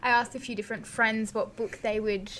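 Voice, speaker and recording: A woman's voice: a little high, little pitch movement, fairly quick, a bit bright. A young woman co-hosting a podcast in casual chat, laughing often and swearing offhandedly. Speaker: podcast co-host.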